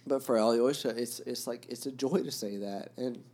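A man hosting a podcast about a novel, talking reflectively and haltingly, with many fillers and restarts. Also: mid-range voice, warm tone. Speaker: podcast host discussing a novel. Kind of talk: reflective casual talk.

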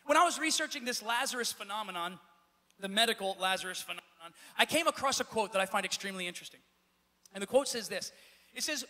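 A man pastor preaching a sermon in a church, with a repetitive, building cadence that rises to shouts. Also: very high voice, animated, fast talker. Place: church sanctuary. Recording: echoey church hall.

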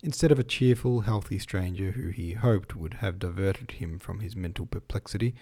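A man giving a relaxed, informal reading of a classic novel, stumbling on long words and rereading them. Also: sits low, normal speed. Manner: chatty asides between passages. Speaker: reader.

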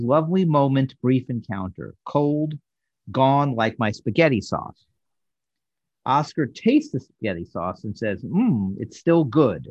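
A man's voice: medium pitch, husky, no room sound, lo-fi sound. A man co-hosting a casual review podcast, recapping scenes in a thoughtful, hesitant way with fillers. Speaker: podcast co-host reviewing a sitcom episode.

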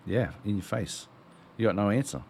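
A man's voice: on the low side, lively intonation, normal speed, gravelly, a little mellow, slight background noise. A man co-hosting a podcast in casual chat, swearing freely in incredulous rants. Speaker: podcast co-host.

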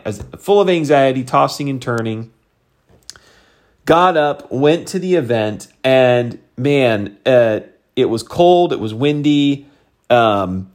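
Animated storytelling man, higher voice. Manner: animated, loose with fillers. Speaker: vlogger. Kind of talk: casual storytelling.

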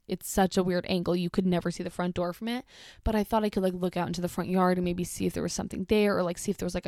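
A young woman casually telling a personal story, chatty and animated, filling her sentences with "like". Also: lowish voice, no echo, studio quality. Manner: chatty, heavy use of "like", animated retelling.

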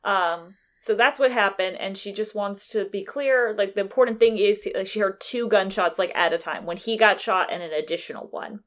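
A woman's voice: medium pitch, moderate pace, few pauses, a bit bright. A woman co-hosting, retelling events in casual, rambling chat. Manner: rambling storyteller who acts out quotes. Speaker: podcast co-host recapping a game.

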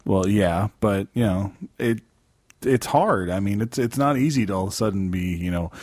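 A man's voice: lowish voice, normal speed, a little mellow, no room sound, studio quality. A man co-hosting a casual podcast chat, rambling with hesitant fillers and laughing asides. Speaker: podcast co-host.

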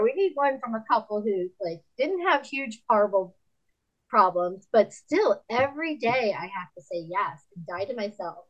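A woman in her fifties, a podcast guest and author, telling candid stories in a lively way, laughing often and acting out other people's lines in a higher voice. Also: normal speed, dull audio. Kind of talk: candid conversational storytelling.

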